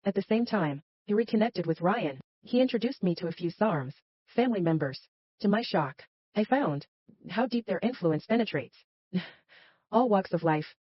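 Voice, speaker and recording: A woman tells a first-person romance story in a dramatic way, sighing between lines. Her voice is breathy. The recording is dry and a little dull. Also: medium pitch, lively intonation, moderate pace, dry recording. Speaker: narrator.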